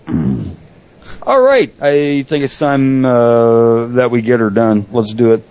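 A man's voice: mid-range voice, unhurried, darkish tone, clear, resonant tone, muffled recording. Blunt, foul-mouthed male show host. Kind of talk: casual profane banter.

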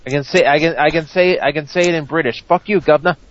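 A man's voice: fairly high pitch, quick pace, fairly bright tone, lo-fi sound. A man on a talk show panel, joking around in casual banter.

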